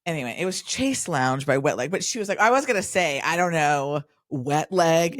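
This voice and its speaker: Animated woman chatting on a podcast. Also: low voice, moderate pace, few pauses, dry recording. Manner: animated storyteller who acts out quotes. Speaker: podcast co-host. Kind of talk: casual chat.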